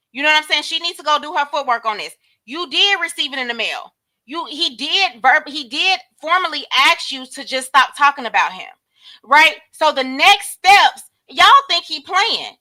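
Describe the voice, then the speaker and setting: A woman hosts a casual commentary stream with a high, bright voice. She is blunt and slangy and addresses her viewers directly. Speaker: host.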